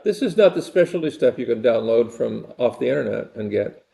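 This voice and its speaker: A man's voice: medium pitch, lively intonation, fairly quick, gravelly, mellow. An older man giving a rambling, conversational university lecture and repeating his phrases.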